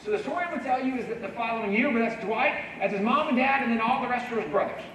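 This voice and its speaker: A man with a very high voice preaches as a guest speaker in a church. He tells his story in a relaxed, chatty way and keeps checking in with the listeners with asides. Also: rapid-fire, a little hiss or hum. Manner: casual, chatty, uses "like" and "right?" asides. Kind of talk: conversational sermon storytelling.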